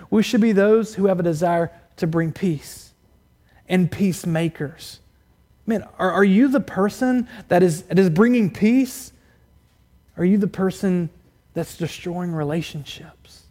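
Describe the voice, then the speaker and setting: High-voiced preacher asking pointed questions. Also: male voice. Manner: asks the congregation many direct rhetorical questions; rises loud and high for emphasis, drops quiet and low to press a point. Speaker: pastor. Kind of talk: sermon. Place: church.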